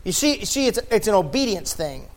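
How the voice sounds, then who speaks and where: A male preacher with a notably high voice delivers a sermon. His delivery builds from calm asides to fervent, loud emphasis. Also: a little fast. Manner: impassioned, swinging from quiet asides to shouted emphasis.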